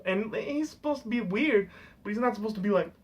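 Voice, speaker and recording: Young guy with a super high voice, rambly sweary rant, says dude a lot. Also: brisk. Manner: profane, rambling, full of "dude". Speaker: vlogger. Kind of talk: casual rant.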